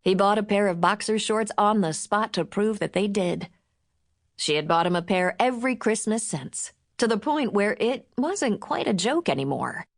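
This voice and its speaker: Woman reading an audiobook, steady and expressive, mid-pitch voice. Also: vocal fry. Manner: measured, expressive storytelling. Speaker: audiobook narrator. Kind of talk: scripted audiobook narration.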